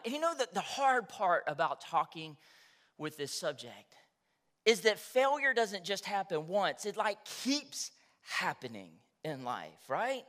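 Bright, high-voiced storytelling preacher man. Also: big pitch swings, a little slow. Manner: conversational storytelling, addresses crowd as y'all. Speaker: pastor. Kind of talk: sermon.

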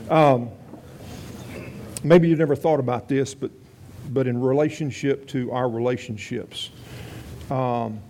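A male pastor delivering a sermon in a relaxed, folksy manner, drifting into asides as he tells a story. His voice sits in an ordinary middle pitch. A faint hiss of background noise runs under the recording. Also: vocal fry. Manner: folksy, conversational, rambling asides.

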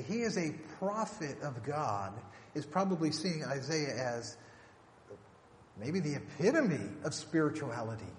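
A man preaching a sermon, asking rhetorical questions and slowing down to stress the scripture he quotes. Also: a little high. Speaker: pastor. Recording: echoey hall, faint room noise.

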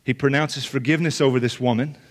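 A man preaches a sermon to a gathered room, earnest and direct. He leans on repetition and restarts to drive each point home, speaking at a middle pitch. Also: fairly even intonation, quick pace. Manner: earnest, emphatic, repeats phrases for weight. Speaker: pastor. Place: church or meeting room with listeners.

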